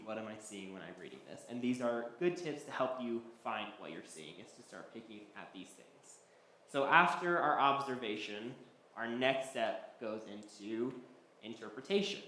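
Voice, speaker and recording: A man's voice: on the low side, bright, forceful tone. A man teaching a Bible study class, talking loosely with many ums and restarts. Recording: echoey hall, faint background noise.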